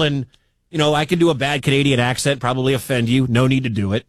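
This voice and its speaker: A man from the American Midwest hosting a sports talk radio show, talking in an animated, incredulous way with quick asides. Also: mid-range voice, no echo. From Midwestern United States.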